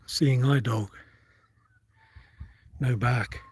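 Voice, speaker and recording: A man's voice: medium pitch, drawn-out words, slight background noise. A man with a New Zealand accent chatting casually on a phone livestream outdoors on farmland, rambling and swearing offhandedly as he thinks aloud. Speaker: livestream vlogger. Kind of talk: casual live-stream chat.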